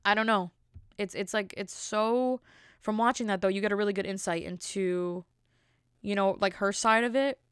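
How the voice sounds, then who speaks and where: A commentator, a woman in her thirties, offers casual, indignant opinions, rambling with plenty of filler words. Her voice is medium-pitched, fairly bright and clean, at normal speed, recorded in studio quality with no echo.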